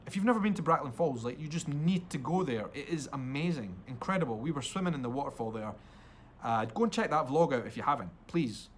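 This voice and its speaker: Scottish man, podcast host, casual and eager solo chat, mid-pitched, slight background hiss. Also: lively intonation, a little fast. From Scotland. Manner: chatty and enthusiastic, talks straight to listeners.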